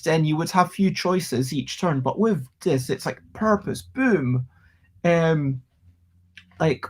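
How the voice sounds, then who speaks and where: Streamer, home live-stream, unhurried delivery, chatty with sudden excited yelps. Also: mid-range voice. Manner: chatty, warm thanks to viewers, excitable bursts. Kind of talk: live-stream chat while playing a word game.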